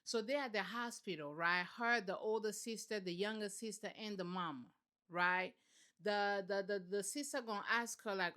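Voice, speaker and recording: A woman hosting a commentary vlog, telling the story in a sassy, animated, colloquial way. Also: mid-range voice, moderate pace. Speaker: commentary channel host.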